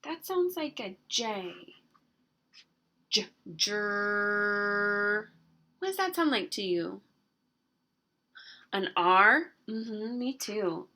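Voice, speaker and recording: A woman teaching an early-grade writing lesson, slowly stretching out the sounds of words and coaxing answers with gentle questions. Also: fairly high pitch, animated. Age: adult.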